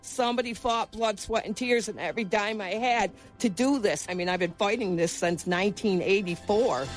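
A woman's voice: medium pitch, normal speed, soft background music. A middle-aged woman from the United States, interviewed about her past, talking earnestly and repeating herself when moved. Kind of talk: emotional personal recollection.

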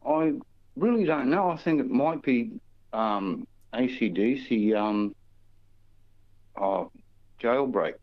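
A man's voice: medium pitch, animated, takes it slowly, pauses often, no room sound. Man calling in over a phone line. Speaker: caller. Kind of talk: phone-in chat.

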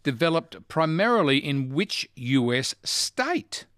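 A man's voice: fairly high pitch, sing-song, slow, a bit bright, dry recording, clean studio sound. A man hosting a casual quiz chat, playful and teasing as he reads out questions and options. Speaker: quiz host.

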